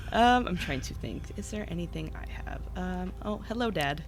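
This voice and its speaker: A woman's voice: lowish voice, expressive, moderate pace, a little hiss or hum. A young woman co-hosting a casual podcast who laughs often, teases, and swears freely. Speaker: podcast co-host. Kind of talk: casual chat.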